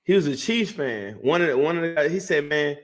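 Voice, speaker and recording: A man casually telling a lively story, full of fillers and restarts, acting out what people said. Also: a little high, fast talker. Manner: animated storyteller, acts out quotes, many fillers and restarts. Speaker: guest recounting a game. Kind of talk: casual chat.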